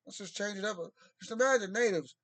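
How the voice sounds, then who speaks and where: A man's voice: high-pitched, brisk, a bit bright, no room sound. A man talking in a casual, rambling monologue, drawling and swearing freely. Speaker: vlogger.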